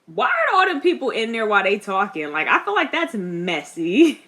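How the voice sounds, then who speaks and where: A young woman giving casual reaction commentary. She is chatty and expressive, laughs often, and talks back at the screen. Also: a little high, normal speed, a little hiss or hum. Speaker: reaction vlogger.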